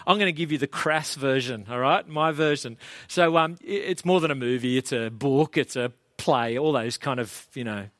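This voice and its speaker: A man's voice: fairly high pitch, fairly bright tone, no echo. Casual male pastor preaching. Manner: casual, chatty, self-deprecating. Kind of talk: sermon.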